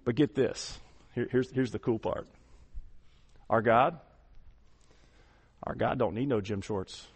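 A man preaching a sermon with a folksy, conversational manner and rhetorical questions, swinging from quiet asides to loud, drawn-out proclaiming. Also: medium pitch, slightly rough. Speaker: pastor. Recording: long hall reverb.

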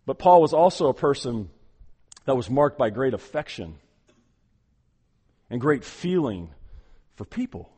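A man preaching a sermon as pastor, earnest, often repeating words and swinging from loud to hushed. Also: medium pitch, big pitch swings, unhurried, pauses often, husky, big-room sound.

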